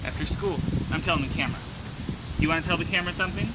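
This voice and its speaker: A man's voice: on the high side, very fast. A man in his thirties, a dad chatting playfully with his young daughter while filming an outdoor vlog. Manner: playful, laughing, talks to camera. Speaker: vlogger dad. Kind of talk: casual vlog chat with his child. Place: outdoors at a park and parking lot. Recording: outdoor vlog with clear background noise.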